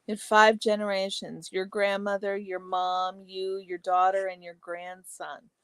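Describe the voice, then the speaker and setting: A woman hosting a casual livestream chat, reading viewer comments aloud and answering each by name, chatty and exclamatory with soft asides. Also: mid-range voice, level tone, a little slow, clean tone, no room sound. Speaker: livestream host.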